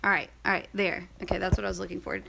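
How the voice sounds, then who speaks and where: A woman's voice: fairly low pitch, flat delivery, rapid-fire, gravelly, fairly bright tone, slight background noise. A young woman telling a personal story in a casual, rambling vlog, full of fillers and asides. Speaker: vlogger.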